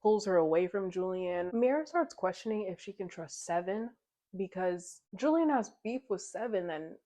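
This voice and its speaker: A woman's voice: medium pitch, animated, normal speed, mellow. A woman casually recapping a novel in a chatty, giggly way, slipping into the characters' lines as she retells the plot. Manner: chatty retelling, slips into quoted dialogue. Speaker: book club vlogger.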